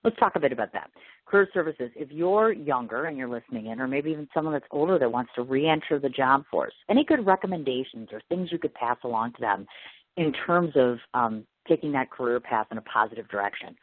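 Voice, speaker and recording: A woman's voice: very deep voice, expressive, fairly quick, no room sound. A woman from the Midwest hosting a radio interview show, bubbly and gushing in casual chat. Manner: bubbly, gushing, self-deprecating. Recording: tinny phone-line radio sound.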